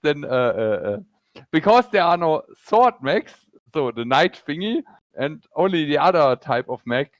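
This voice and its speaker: A man with a German accent running a tabletop game as game master, speaking haltingly with many fillers. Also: on the high side, sing-song, no room sound, dull audio.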